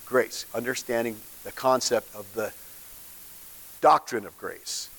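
A man's voice: medium pitch, unhurried, gravelly. A man, a pastor, giving an informal, conversational sermon and asking the congregation questions. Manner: informal, animated, asks the room questions. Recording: long hall reverb.

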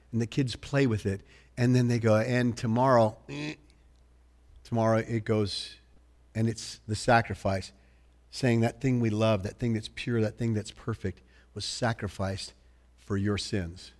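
A man preaching a sermon in a church, telling the story in an animated, joking way and swinging between loud bursts and hushed lines. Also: mid-range voice, normal speed. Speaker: pastor.

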